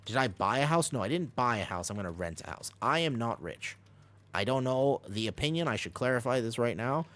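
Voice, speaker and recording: Excitable man narrating his gameplay. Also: medium pitch. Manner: talks fast over gameplay, jumps between coaching and chatting. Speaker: streamer. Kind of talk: live gameplay commentary and chat. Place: home streaming room.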